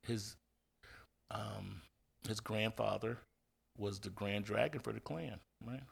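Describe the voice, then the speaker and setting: This man speaks in a low, gravelly, somewhat husky voice. He is from Indiana and tells stories freely in a relaxed interview, with many restarts and little voices for the people he quotes. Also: slow. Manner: animated storyteller, acts out quoted voices, many fillers and restarts. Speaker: guest, football coach. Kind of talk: casual storytelling interview.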